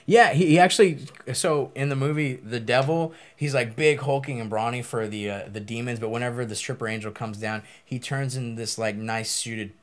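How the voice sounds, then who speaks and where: A man co-hosting a horror movie show, retelling scenes in casual, animated chat. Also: mid-range voice, normal speed, hardly any pauses. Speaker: co-host.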